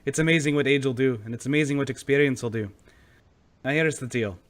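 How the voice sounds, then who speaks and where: A man playing an aging black-market dealer who talks smoothly and stammers as he ingratiates himself. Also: mid-range voice, fast talker, close to an everyday voice. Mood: smooth, wheedling.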